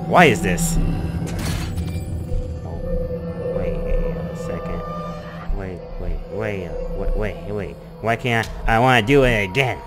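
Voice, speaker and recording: A young man doing rambling, jokey gameplay commentary with sudden excited outbursts, game music behind. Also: fairly low pitch. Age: young adult. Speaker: gaming YouTuber. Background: game music and sound effects.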